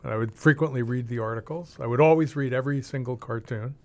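A man's voice: mid-range voice, fast talker. A man hosting a radio show, speaking in an easygoing, matter-of-fact way and explaining things plainly. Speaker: radio host. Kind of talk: casual radio banter.

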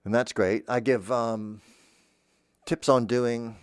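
A man's voice: medium pitch, fairly even intonation, slow, clear, resonant tone, no room sound, clean studio sound. A man in a mock-earnest improvised comedy monologue, playing a voice-acting teacher who rambles and keeps interrupting himself.

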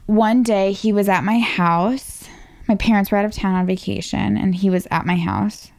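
A woman's voice: mid-range voice, fairly even intonation, moderate pace, creaky, a little mellow. A woman in her twenties from Northern Virginia, chatting casually about her own past. She is self-mocking and says "like" often. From Northern Virginia, USA. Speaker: interview guest. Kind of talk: casual personal storytelling.

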